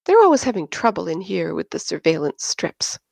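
A woman reading aloud and voicing Erno, a smooth male pilot who sounds dry and patronizing. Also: lowish voice, sing-song, fairly quick, darkish tone, no room sound, full character voice.

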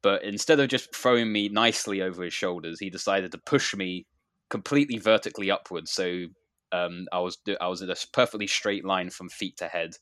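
A man's voice: deep voice, a little fast, fairly bright tone, clear, resonant tone, dry recording, clean studio sound. A man who wrestles, telling a story in a rambling casual chat with many fillers and restarts.

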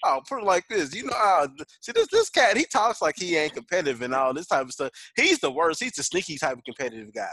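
A man's voice: on the high side, very animated, fast, few pauses, pushed and bright, husky, no echo. Laid-back joking man, dry close mic. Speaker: podcast co-host. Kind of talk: casual sports chat.

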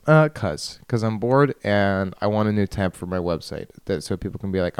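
Young male podcast host, deep and smooth voice, rambling and self-mocking, laughs a lot, dry close mic. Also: a little fast, hardly any pauses, darkish tone, no room sound. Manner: self-deprecating, laughs often, trails off and restarts. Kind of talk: rambling solo podcast monologue. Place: bedroom. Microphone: studio microphone at a computer.

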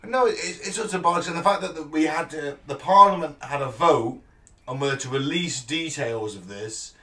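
A man co-hosting a podcast, talking in a rambling, sweary way and quick to agree with the others. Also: a little high, bright, forceful tone, distant mic. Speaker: podcast co-host. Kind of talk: casual chat.

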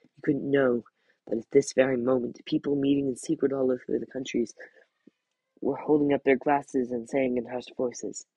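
A man hosting a podcast, reading a novel aloud in a steady, plain way with small slips, then reviewing it. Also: medium pitch, moderate pace, slightly rough, no echo, lo-fi sound.

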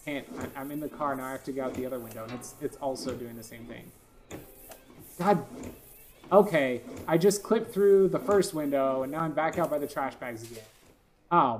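A man's voice: medium pitch, slight background noise. Rambling man doing game commentary. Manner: rambling, many fillers and restarts, frustrated outbursts. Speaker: gaming video host. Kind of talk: casual gameplay commentary.

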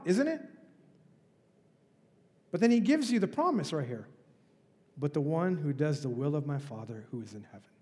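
A man's voice: a little high, dark tone, big-room sound. A male pastor preaching a sermon in a conversational, emphatic way, with rhetorical questions. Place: church.

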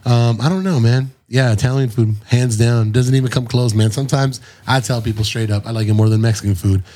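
A man's voice: mid-range voice, fairly even intonation, a little fast, mellow. A man from San Diego co-hosting a podcast, talking in a casual, blunt, profane, joking way. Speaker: podcast co-host.

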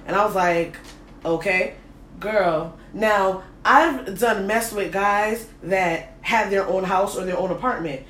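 A woman hosting a casual chat and telling a lively, slangy story about a date. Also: mid-range voice, normal speed, roomy sound, a little hiss or hum. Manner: animated, slangy, laughing storyteller. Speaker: host.

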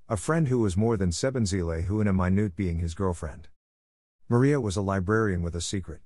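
A man narrating a storybook tale in a steady, unhurried reading voice. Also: fairly low pitch, dry recording, clean studio sound.

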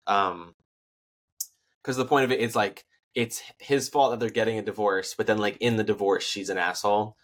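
A man's voice: fairly low pitch, steady tone, moderate pace. A young man co-hosting a podcast, giving a laid-back, loosely phrased movie review. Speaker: podcast co-host. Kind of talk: casual movie review chat.

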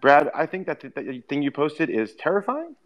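A man's voice: fairly high pitch, huge pitch swings, moderate pace. A man hosting a podcast, talking in a loose, rambling way with plenty of fillers. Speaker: podcast host. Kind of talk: casual chat.

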